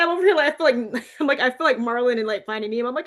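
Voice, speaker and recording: Bubbly, quick-talking woman podcast host. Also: on the high side. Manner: bubbly, animated storyteller. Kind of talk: casual podcast chat.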